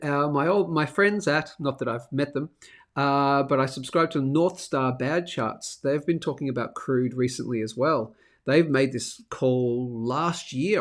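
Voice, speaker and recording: An Australian man hosting a casual live stream, upbeat and chatty as he greets viewers by name, while getting over a throat infection that leaves him coughing. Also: a little high. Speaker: host of a live stacking show.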